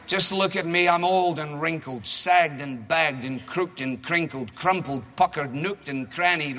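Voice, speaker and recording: Man reading fretful old widow, singsong rhyming laments, bright voice, big hall echo. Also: on the high side. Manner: sing-song rhyming laments. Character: grieving elderly widow, weary and fretful. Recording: echoey hall reverb.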